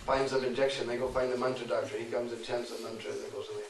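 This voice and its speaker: Man, devotional storyteller, dramatic, hushed then swelling, echoey room. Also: medium pitch, flat delivery, very fast, gravelly, slight background noise. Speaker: storyteller preacher. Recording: echoey, distant recording.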